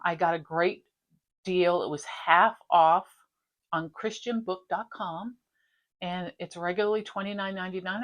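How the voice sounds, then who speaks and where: A middle-aged woman with a slightly low voice, talking in a loose, rambling way as she hosts her stitching vlog. She drifts between topics with easy asides and homely detail. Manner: chatty, rambling, warm-hearted. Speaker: flosstube host. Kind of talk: casual chat.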